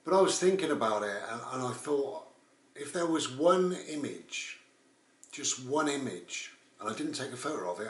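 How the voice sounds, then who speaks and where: A man's voice: mid-range voice, slight background noise. A man, telling a rambling, casual story as a vlogger. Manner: rambling, with frequent "and all the rest of it". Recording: roomy, distant mic.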